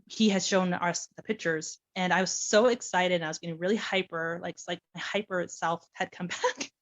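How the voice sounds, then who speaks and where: Her pitch fairly low and her pace normal, a woman shares her adoption story in a relaxed way, performing the dialogue with great animation and laughing a lot.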